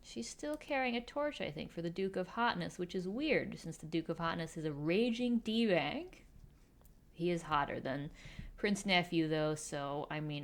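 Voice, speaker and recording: Woman host, wry and sarcastic, casual recap with quick character asides; lowish voice. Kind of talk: casual comedic recap while drawing.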